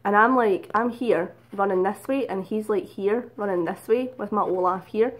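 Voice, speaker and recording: A woman's voice: mid-range voice, normal speed. A woman talks straight to her viewers in a casual storytelling vlog. She is chatty and unguarded, swears freely and laughs at herself along the way. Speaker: vlogger.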